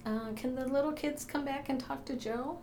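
Creaky-voiced woman coaxing spirits softly. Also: high voice, steady tone, normal speed, echoey room, slight background noise. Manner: gentle, coaxing, sprinkled with ums. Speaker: paranormal investigator. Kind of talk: calling out to spirits in her own house. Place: room inside her own house.

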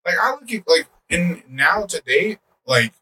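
Bright, rambling man on a podcast. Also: fairly high pitch, measured pace. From United States. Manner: animated storyteller, rambling with many fillers. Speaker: podcast co-host. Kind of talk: casual chat. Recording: distant mic, faint background noise.

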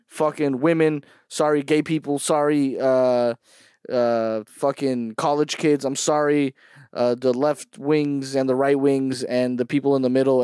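A man's voice: medium pitch, a little mellow, smooth, no room sound, clean studio sound. Brash, swearing young man riffing. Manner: brash, swearing, mock-aggressive rants. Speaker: comedy vlogger. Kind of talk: profane comedic riffing.

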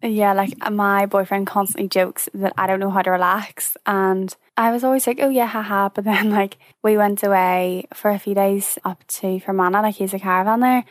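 A young woman, hosting a podcast in casual, animated chat. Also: mid-range voice, normal speed, hardly any pauses, no room sound. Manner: animated, puts on voices in anecdotes. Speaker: podcast host.

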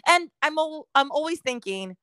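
A woman's voice: high-pitched, expressive, normal speed, sharp tone, dry recording. A middle-aged woman co-hosting a podcast, chatting casually, swearing constantly and laughing as she acts out quotes. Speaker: podcast co-host. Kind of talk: casual chat.

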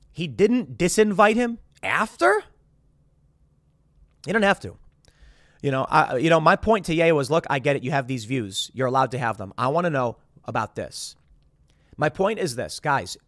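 A man's voice: a little high, dry recording, clean studio sound. A man hosting his own commentary show, talking casually in a rambling way with many restarts. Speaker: podcast host.

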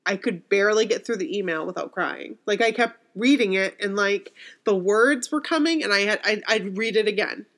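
A woman's voice: medium pitch, normal speed, a bit bright. A woman co-hosting a casual talk show, emotional and sniffling as she reads listener stories aloud. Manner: emotional, sniffling, laughing through tears. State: teary and sniffling. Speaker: podcast co-host reading listener stories. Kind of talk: casual chat and reading aloud.

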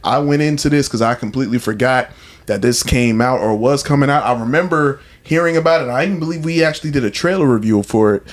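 A man's voice: medium pitch, fast talker. A man co-hosting a podcast in casual chat, telling stories with enthusiasm and acting out quotes. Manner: animated, enthusiastic storytelling with acted-out quotes. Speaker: podcast co-host.

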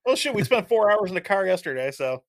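A man's voice: high-pitched, big pitch swings, fast talker. A young man from Vermont co-hosting a podcast, joking bluntly and swearing often in casual chat. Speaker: podcast co-host.

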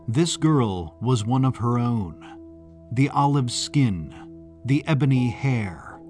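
A man reading a historical story as scripted narration, in a measured, deliberate way. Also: medium pitch, a little mellow.

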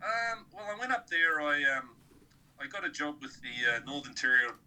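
A man's voice: fairly high pitch, sing-song, normal speed, pushed and bright, poor audio. A middle-aged man with a New Zealand accent in casual chat, laid-back and saying "mate" a lot.

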